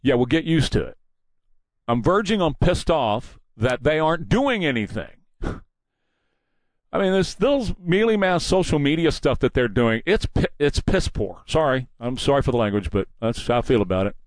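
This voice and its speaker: A man's voice: medium pitch, big pitch swings, normal speed, no room sound. A man hosting a political commentary show, delivering a combative, preachy and mocking monologue. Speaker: talk show host.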